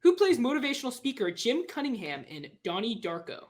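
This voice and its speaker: A woman's voice: on the high side, sing-song, a little fast, darkish tone. A woman co-hosting a trivia game show, playfully announcing questions and teasing the contestants. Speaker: co-host.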